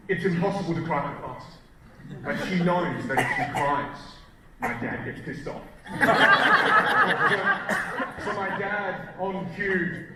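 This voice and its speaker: A man's voice: high-pitched, recorded from a distance. Brief: keynote speaker in his thirties, playful and self-deprecating, in a reverberant hall with a laughing audience. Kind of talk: comic storytelling keynote. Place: large event hall. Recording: echoey hall, crowd laughter.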